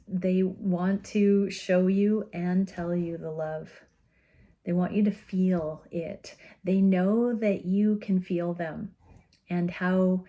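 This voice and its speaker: A woman giving an intuitive tarot reading, speaking in a gentle, soothing and earnest way with soft laughs. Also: on the low side. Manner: slow, gentle and soothing, often laughing softly; earnest and openly emotional. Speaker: tarot reader.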